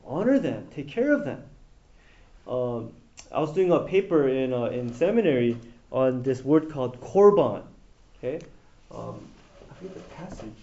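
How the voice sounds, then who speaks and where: A man preaching a sermon in an animated way, asking the audience questions as he goes. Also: a little high, lo-fi sound.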